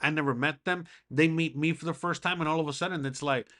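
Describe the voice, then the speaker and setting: A man's voice: on the high side, steady tone, fast talker, fairly bright tone. A man hosting a podcast in a casual monologue, rambling and swearing, with lots of fillers. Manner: rambling, profane, heavy on fillers. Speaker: podcast host.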